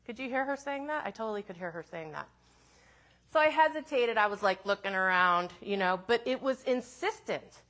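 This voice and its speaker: A woman minister telling a personal story in a sermon, in a gentle, reflective way with soft asides. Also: mid-range voice, lively intonation, moderate pace.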